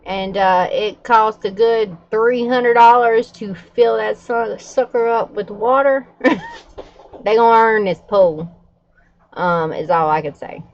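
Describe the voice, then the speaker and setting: A woman's voice: fairly high pitch, a little slow, dull audio. A middle-aged woman, chatting candidly to her viewers with frequent fillers and laughs. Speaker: vlogger. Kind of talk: casual chat to camera.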